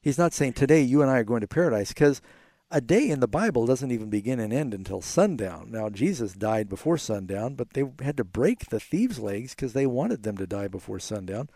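Radio Bible host, male, gravelly and mellow, earnest explainer, dry studio sound. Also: mid-range voice, moderate pace, dry recording. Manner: earnest, explanatory, quotes scripture in animated bursts. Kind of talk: call-in Bible answers.

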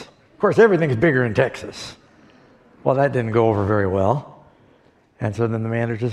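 A pastor giving a sermon, telling stories folksily with pauses and fillers. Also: male voice, medium pitch, darkish tone. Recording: long hall reverb.

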